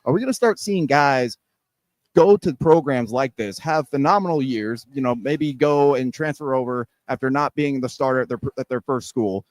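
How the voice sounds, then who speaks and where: A man's voice: medium pitch, moderate pace, no room sound. A man co-hosting a sports talk radio show, rambling through his points with many restarts. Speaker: radio co-host. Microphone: studio mic.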